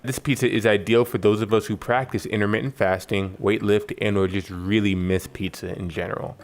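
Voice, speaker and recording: A man's voice: lowish voice, fairly even intonation, fairly quick. A man from New York narrating a cooking tutorial with wry, joking asides. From New York, United States. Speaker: cooking channel host.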